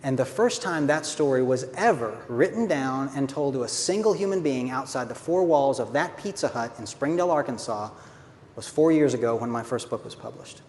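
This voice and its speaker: A man's voice: mid-range voice, animated, moderate pace, darkish tone. A man telling a story in a conversational, earnest way, sometimes giving a brief laugh. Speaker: speaker, author. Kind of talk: storytelling talk. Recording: long reverb, faint background noise.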